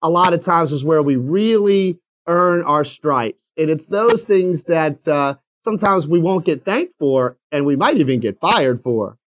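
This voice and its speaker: Animated high-voiced Louisiana man storyteller. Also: a little slow, hardly any pauses, muffled recording. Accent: South Louisiana. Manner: animated storyteller acting out phone calls. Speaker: realtor guest telling a story. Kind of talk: casual storytelling interview.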